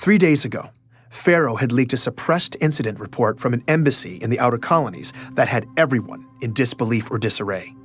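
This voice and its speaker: A man's voice: mid-range voice, lively intonation, a little fast, soft background music, lightly acted. An actor playing an anxious male journalist in an audio drama, narrating in first person and stammering when nervous.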